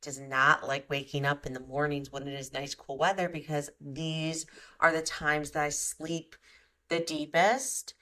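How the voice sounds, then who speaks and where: Woman cohost, pretty deep voice but bright and forceful, chatty and reflective. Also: flat delivery, unhurried. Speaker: podcast co-host. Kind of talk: casual podcast chat.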